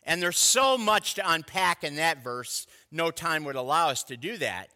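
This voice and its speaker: Bright-voiced pastor preaching in a hall. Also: male voice, on the high side, lively intonation, moderate pace. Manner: conversational, folksy storytelling with asides to the congregation. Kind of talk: sermon.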